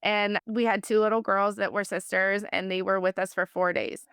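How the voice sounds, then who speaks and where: A woman's voice: medium pitch, steady tone, moderate pace, fairly bright tone, clear, resonant tone, dry recording, clean studio sound. A woman in her thirties, a guest on an interview podcast, telling her family's story in a chatty, heartfelt way with lots of fillers. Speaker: podcast guest, foster and adoptive mom.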